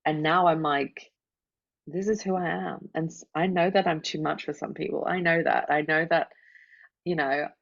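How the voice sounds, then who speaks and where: A woman's voice: low voice, fairly even intonation, moderate pace, gravelly. A woman guest who is a life coach, talking openly and from the heart, often saying "like" and "right?". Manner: open, heartfelt, frequent "like" and "right?". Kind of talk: casual interview chat. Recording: dull lo-fi audio.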